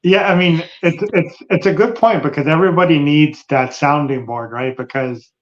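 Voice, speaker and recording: Supportive male podcast host, slightly high. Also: moderate pace. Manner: supportive, repeats himself while thinking aloud. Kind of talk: casual interview chat. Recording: dull lo-fi sound.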